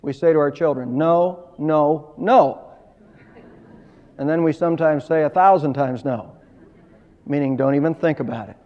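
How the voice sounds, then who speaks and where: High-voiced preacher man in an echoing hall. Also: brisk. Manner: emphatic preaching, rising and falling in volume. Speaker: pastor. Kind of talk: sermon. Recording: dull lo-fi sound with long hall reverb.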